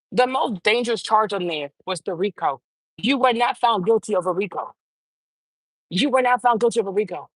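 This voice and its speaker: A woman's voice: medium pitch, husky, dry recording. Woman, host, emphatic, swearing, mocking mimicry, dry close sound. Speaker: commentary show host. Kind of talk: uncensored casual commentary.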